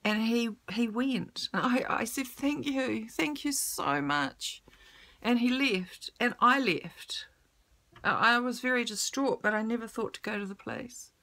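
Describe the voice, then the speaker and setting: A woman's voice: fairly high pitch, normal speed, sharp tone. A woman telling a personal story on camera, emotional and blunt, swearing freely.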